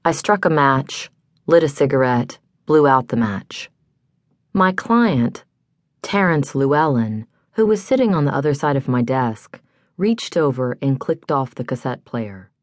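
Very deep, slow woman narrator. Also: animated, dry recording. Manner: measured, hardboiled first-person telling. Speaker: audiobook narrator. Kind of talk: scripted narration. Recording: dry studio.

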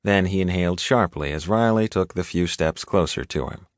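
Deep-voiced male audiobook narrator. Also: normal speed, no echo, clean studio sound. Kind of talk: scripted narration.

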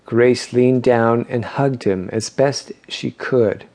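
A man reading an audiobook novel in measured, scripted narration. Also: medium pitch. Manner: measured, even storytelling.

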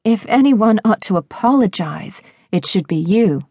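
A woman's voice: medium pitch, lively intonation, measured pace, dark tone, husky, dry recording. A woman narrator voicing a frightened but defiant young woman who speaks in a hard, clipped tone.

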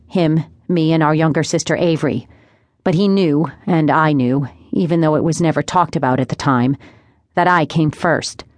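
A young woman reading a first-person audiobook in a measured, wry storytelling manner. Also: low-pitched, no room sound. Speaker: audiobook narrator. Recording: dry close studio sound.

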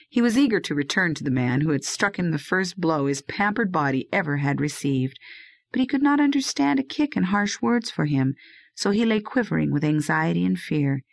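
A woman narrating an audiobook of a classic novel in a measured, steady way, close to the mic. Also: low-pitched, vocal fry, dry recording.

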